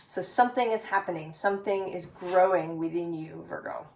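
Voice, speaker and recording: A woman's voice: lowish voice, normal speed, gravelly, darkish tone, recorded from a distance, rough recording. A woman giving a tarot reading, musing aloud with frequent "right?" tags. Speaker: tarot reader.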